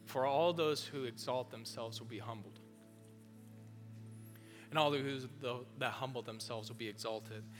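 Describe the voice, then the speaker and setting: A youth pastor preaching a sermon in a casual, animated way, talking straight to the room. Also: male voice, medium pitch, measured pace, pauses often. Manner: animated, casual, direct address. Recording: long hall reverb, faint music.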